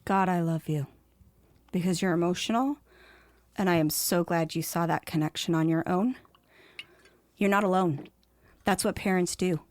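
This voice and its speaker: A woman hosting a podcast, explaining her views in a warm and emphatic way, sometimes playfully bossy with her co-host. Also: on the low side, fairly even intonation, moderate pace, no room sound. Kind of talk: casual podcast conversation.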